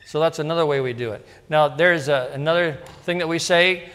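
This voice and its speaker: A man's voice: a little high, fairly quick, a bit bright, in a large hall. A middle-aged male pastor giving a casual, story-filled sermon that is full of asides and rhetorical questions to the congregation. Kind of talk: conversational sermon. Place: church sanctuary.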